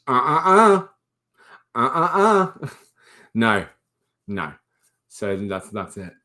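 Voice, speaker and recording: A man's voice: big pitch swings, slow, sharp tone. A man hosting a casual livestream, rambling and laughing as he reads out viewer comments. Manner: coos in a high baby voice at a pet rabbit. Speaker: livestream host.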